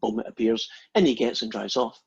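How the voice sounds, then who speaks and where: Man, maths lecturer, husky voice, dull lo-fi recording, chatty. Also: on the low side, fairly quick. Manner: chatty, asks the class questions. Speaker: math lecturer. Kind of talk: university lecture with storytelling.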